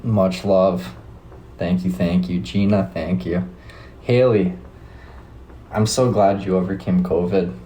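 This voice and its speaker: A man's voice: low-pitched, fairly even intonation, slow pace, long pauses, dark tone, a little hiss or hum, rough recording. A young Canadian man with a Canadian accent, hosting a casual live stream, chatting laid-back with viewers and swearing freely. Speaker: livestream host.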